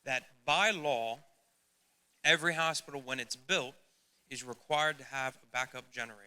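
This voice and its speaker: A man's voice: mid-range voice, moderate pace, sharp tone, smooth. A middle-aged man preaching a sermon as youth pastor, earnest and emphatic, speaking straight to his listeners.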